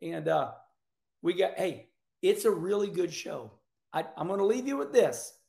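A middle-aged man hosts a casual racing talk show, animated and folksy with loud outbursts. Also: sits high, normal speed, creaky. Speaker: show host. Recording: echoey room.

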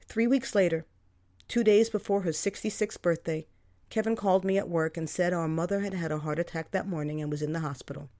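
A woman's voice: on the low side, a little mellow. A woman reading her first-person memoir story aloud in a wry, candid, conversational way. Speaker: memoir narrator.

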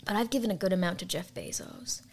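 A woman's voice: mid-range voice, fast talker, creaky, a little mellow, slightly rough. A young woman co-hosting a podcast in casual chat, joking in a dry, sarcastic way. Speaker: podcast co-host.

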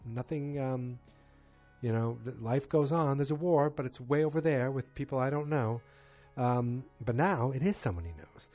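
Mellow-voiced man rambling through a recap. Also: medium pitch, animated, soft background music. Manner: rambling, halting retelling. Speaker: TV episode recapper. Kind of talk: casual spoken episode recap.

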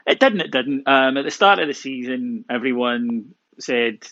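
A man speaking as a guest on a football podcast, measured and reasoned, getting animated at times. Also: medium pitch, dry recording, highs cut off. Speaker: podcast guest, fan pundit. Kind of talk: casual sports podcast chat.

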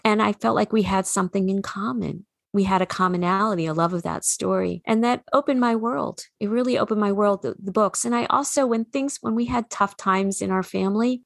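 A woman's voice: medium pitch, gravelly, no room sound, clean studio sound. A woman with a New England accent, a children's author speaking earnestly and reflectively in an interview. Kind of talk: interview conversation.

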